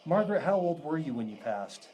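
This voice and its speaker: A man, a psychic medium, leading a live ghost box session with a group indoors, chatty and quick to laugh as he relays answers. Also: fairly high pitch, sing-song, muffled recording. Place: indoors in a historic house with a group.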